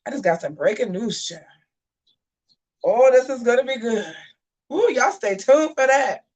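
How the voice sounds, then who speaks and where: This woman, with a fairly high pitch and an unhurried pace, is picked up on a distant mic. As the sassy host of a live commentary show, she reads chat during the livestream, animated and answering back.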